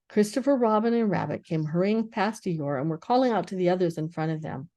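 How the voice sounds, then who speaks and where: An older woman, a grandmother, reading a children's book aloud with expressive storytelling. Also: on the low side, fairly quick.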